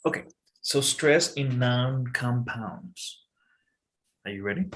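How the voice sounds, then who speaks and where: A man teaching a casual one-on-one English lesson, patient and relaxed, often checking in with "okay". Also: mid-range voice, slow pace, a little hiss or hum.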